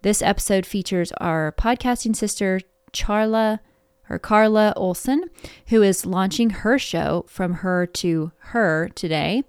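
Woman podcast host, bubbly, effusive, mid pitch, dry close sound. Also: measured pace, smooth, no echo. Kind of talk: upbeat podcast interview.

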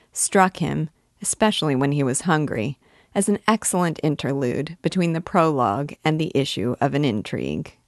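A woman reading a classic novel aloud with measured, expressive narration. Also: deep voice, dry recording, clean studio sound. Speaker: reader and guide of a book.

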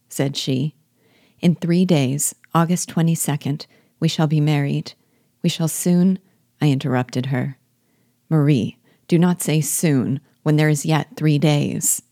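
Narrator: woman, low warm voice, measured expressive book reading, dry close mic. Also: no room sound. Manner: measured, expressive reading with quiet dialogue shifts. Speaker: narrator reading a novel aloud.

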